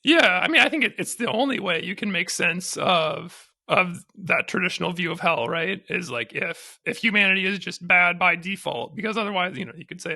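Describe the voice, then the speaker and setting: High, bright-voiced man musing aloud. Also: moderate pace, vocal fry, few pauses. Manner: thoughtful, hesitant, frequent restarts, laughs easily. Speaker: podcast co-host. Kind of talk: conversational theology podcast.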